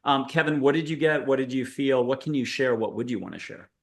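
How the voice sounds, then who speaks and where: A man's voice: medium pitch, a little fast, gravelly. A man hosting a video-call panel, leading a guided meditation in a playful, rambling, punning way. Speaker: host.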